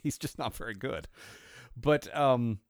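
A man's voice: mid-range voice, measured pace, dry recording, studio quality. A man co-hosting a podcast in casual chat, rambling and wry, full of fillers and restarts. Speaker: podcast co-host.

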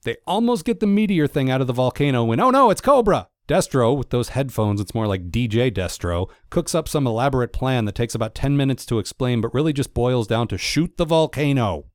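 A man's voice: medium pitch, expressive, fairly quick, hardly any pauses, darkish tone. Man, sarcastic cartoon recap, wry asides, dry close sound, no room echo. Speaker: cartoon reviewer. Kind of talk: comedic episode recap narration.

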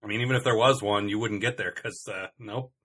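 A man's voice: fairly low pitch, fairly even intonation, a little fast, a bit bright, slightly rough. A man co-hosting a comedy podcast, chatting casually in a rambling, self-interrupting way with dry, complaining humor. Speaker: podcast co-host.

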